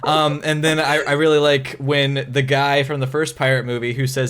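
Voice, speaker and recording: A man's voice: little pitch movement, normal speed, smooth. Laid-back joking man on a podcast. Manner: laid-back, joking, drops low and quiet for asides. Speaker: podcast co-host. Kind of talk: casual film discussion.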